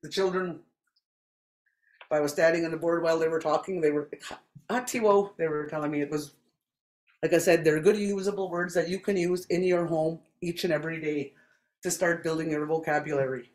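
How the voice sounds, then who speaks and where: A woman teaching a language class, saying each word several times slowly and clearly for learners. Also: low-pitched, steady tone, a little mellow. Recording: echoey classroom.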